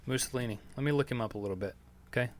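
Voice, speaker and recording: Racing along at medium pitch, a podcast host answers listener questions in a loose, rambling monologue. He swears freely and leans heavily on fillers.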